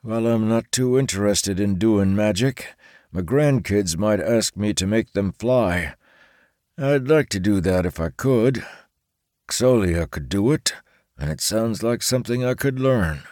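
A man's voice: on the low side, animated, measured pace, darkish tone, no echo, clean studio sound, pitched above the performer's own voice. A man voicing Charles, a mild older man. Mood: musing.

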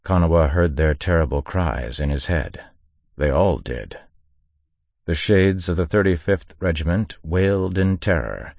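A man with an extremely deep, low voice gives a measured, dramatic audiobook narration. The recording is dry and close, with a slightly dull, muffled top end. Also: creaky, dry recording. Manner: measured dramatic reading, raises voice for shouted orders. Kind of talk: scripted narration.

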